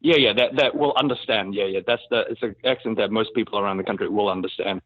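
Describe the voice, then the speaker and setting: A man with a New Zealand accent, an actor being interviewed in a casual podcast chat, animated and laughing often. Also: fairly low pitch, quick pace, no echo. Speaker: actor guest. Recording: dry, phone-like remote call audio.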